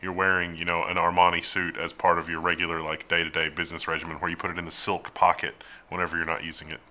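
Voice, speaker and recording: Low-pitched man with a sharp, bright voice. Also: level tone, quick pace. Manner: dry, wry commentary. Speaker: news show co-host. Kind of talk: reading headlines then casual commentary.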